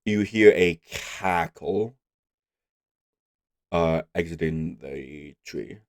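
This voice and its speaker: A congested man running a tabletop game as game master, narrating scenes in a calm, descriptive way. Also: sits low, very slow, no room sound, studio quality.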